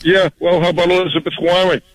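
A man's voice: high voice, level tone, fast talker, rough recording. Indignant male radio caller. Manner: indignant, ranting. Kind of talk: call-in talk radio.

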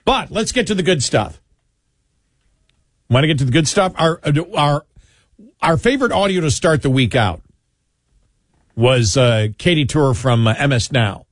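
A man's voice: a little high, animated, normal speed, pauses often, dry recording, studio quality. A man hosting a casual political talk show, rambling through anecdotes with many restarts and chuckles. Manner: rambling, self-interrupting, chuckling storyteller. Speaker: radio talk show host.

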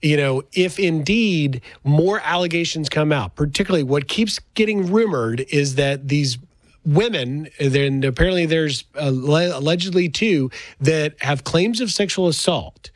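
A man co-hosting a casual political chat, a former TV reporter who explains things in a measured way and speeds up in his asides. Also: a little high, no room sound.

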